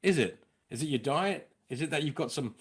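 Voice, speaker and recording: Guest comic, English man with a London accent, bright-pitched, chatty and tangential. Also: brisk, breathy edge. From England. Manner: animated, rambling storyteller. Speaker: guest comedian and impressionist. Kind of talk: podcast conversation.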